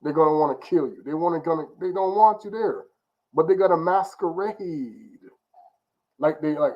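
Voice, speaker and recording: A man's voice: on the high side, normal speed, muffled recording. A man giving an informal religious teaching in an emphatic, repetitive, conversational way. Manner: emphatic, repetitive, conversational, often restarts phrases. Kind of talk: informal preaching monologue.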